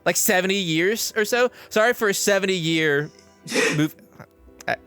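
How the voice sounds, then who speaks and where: A man's voice: sits high, bright, forceful tone, clear, resonant tone, soft background music. A young man co-hosting a screenwriting podcast, chatting casually, rambling and laughing at his own jokes. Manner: joking, rambling, quick to laugh. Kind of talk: casual chat.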